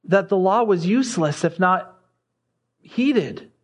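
A man's voice: high voice, expressive, slow pace. A man preaching a sermon, growing impassioned as he reads scripture aloud. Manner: impassioned, rising when reading scripture aloud.

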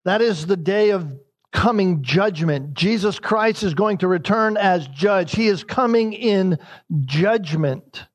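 A man's voice: high voice, slow. A man preaching a verse-by-verse sermon, emphatic and repeating his key lines. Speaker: pastor.

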